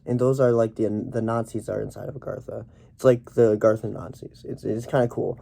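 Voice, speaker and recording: A young man rambling through a deadpan parody movie review, full of halting restarts and fillers. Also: mid-range voice, vocal fry. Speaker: comedic reviewer.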